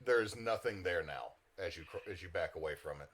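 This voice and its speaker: A man runs a tabletop horror game as its game master, his voice sitting on the low side. He describes eerie scenes and explains the rules casually, with plenty of fillers. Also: expressive, a little fast, a bit bright.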